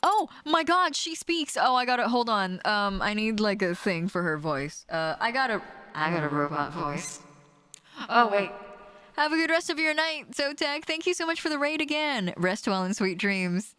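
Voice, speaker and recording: A woman streaming a story game live, with excitable, giggly asides to her viewers. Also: on the high side, normal speed, clean tone, dry recording, poor audio. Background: game music.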